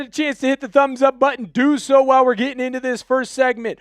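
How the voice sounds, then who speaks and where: A young man hosting a live sports show, hyped and energetic, shouting out viewers by name. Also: extremely high pitch, fast talker, clear, resonant tone, dry recording. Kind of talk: live-stream sports chat.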